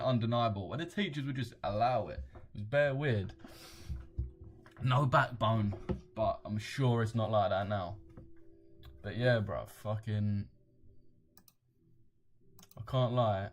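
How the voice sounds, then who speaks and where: A man's voice: mid-range voice, unhurried, long pauses. A young man hosting a casual livestream, blunt and slangy, swearing freely and chuckling as he reads viewer comments aloud. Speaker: trading livestream host.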